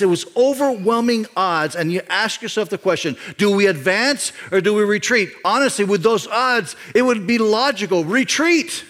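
Middle-aged male pastor, mid-range voice, emphatic sermon delivery with echoing hall reverb. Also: mid-range voice. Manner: emphatic, repeats key phrases, swings from loud to quiet.

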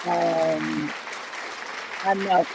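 A woman's voice: fairly low pitch, steady tone, extremely slow, gravelly, a crowd in the background, noisy background. A woman hosting a podcast in casual chat with a caller, chatty and self-deprecating, laughing often and admitting she feels nervous. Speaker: podcast host.

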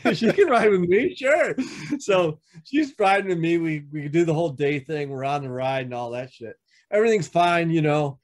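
Guy with a kinda high voice telling a biker club story on a podcast, swears a lot, does everyone's lines. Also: expressive, moderate pace. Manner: profane, acts out quoted dialogue with shifting pitch. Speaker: podcast guest, veteran motorcycle club member. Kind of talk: casual storytelling.

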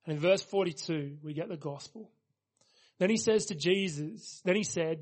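A pastor preaching a sermon, earnest and emphatic, leaning on repeated phrases for weight. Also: male voice, fairly high pitch, normal speed.

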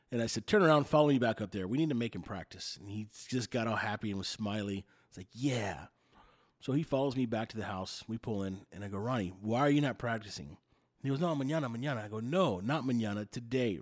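A middle-aged man from the United States telling everyday stories in a casual, self-mocking way. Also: medium pitch. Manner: animated, self-mocking storyteller. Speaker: vlogger. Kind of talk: casual storytelling.

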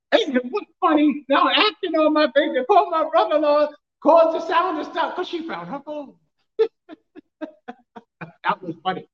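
A male pastor preaching a sermon, telling funny stories with frequent laughter and sometimes shouting questions at the congregation. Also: very high voice, reverberant, muffled recording. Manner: storytelling, humorous, laughs often. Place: church.

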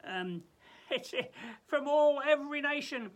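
A man, a pastor giving a daily Bible devotional, who hesitates, often repeats words and drops to a soft hush. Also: extremely high pitch, lively intonation, a little slow.

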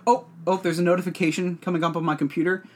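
A man's voice: sits high, little pitch movement, quick pace. A man co-hosting a podcast in casual chat, rambling with many fillers and giggling often. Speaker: podcast co-host.

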